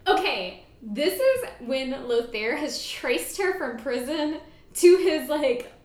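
A woman's voice: high-pitched, sing-song, slow, darkish tone. A woman co-hosting a podcast, chatting bluntly about a book, swearing freely and giggling often. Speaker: podcast co-host. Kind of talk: casual book-club chat. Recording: echoey room, faint ambience.

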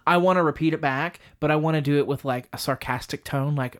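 A man's voice: a little high, quick pace, hardly any pauses, a bit bright. Man explaining step by step on a podcast. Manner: explains step by step, self-deprecating humor. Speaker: marriage communication teacher. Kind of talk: casual podcast teaching.

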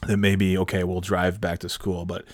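Low-voiced man ranting with profanity. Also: moderate pace, no echo, clean studio sound. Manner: profane, animated storytelling. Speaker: podcast host, parent. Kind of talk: casual ranting monologue.

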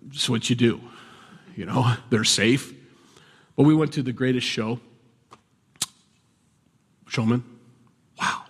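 A man preaching a sermon in a relaxed, conversational way, now and then raising his voice in animated bursts. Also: mid-range voice, slightly rough. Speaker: pastor. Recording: long hall reverb.

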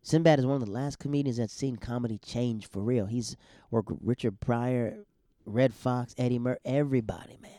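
A man's voice: mid-range voice, brisk, dark tone, no echo, clean studio sound. A man, a stand-up comedian, hosting a podcast in a loose, chatty monologue full of restarts.

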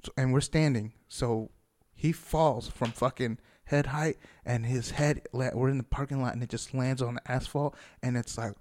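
A man's voice: mid-range voice, fairly even intonation, normal speed, darkish tone. A man, a former Marine, telling a story in a casual, rambling way, swearing often and laughing as he goes.

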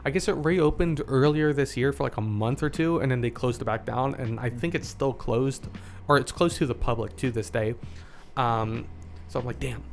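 A man co-hosting a casual podcast, telling stories with lively acted-out quotes. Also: mid-range voice, moderate pace, faint music behind. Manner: animated storyteller, acts out quotes. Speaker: podcast co-host. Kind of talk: casual chat.

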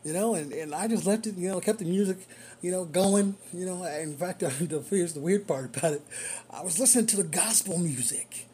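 A man, a rideshare driver, tells a story from his shift in a loose, casual way. He is animated and breaks into chuckles often, and his voice has a mellow, warm tone. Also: sits high, normal speed.

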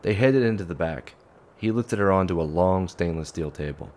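Male narrator, extremely deep, measured scripted delivery. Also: a little mellow. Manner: measured storytelling.

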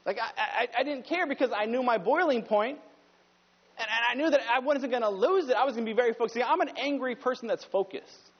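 A man preaching a conversational sermon as pastor, climbing higher and louder when he presses a point. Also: quick pace. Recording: dull sound with long hall reverb.

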